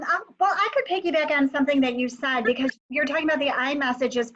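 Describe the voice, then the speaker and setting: A woman's voice: fairly high pitch, fairly bright tone, lo-fi sound. A woman speaking conversationally as an education specialist, with many "you know" fillers. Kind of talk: casual discussion.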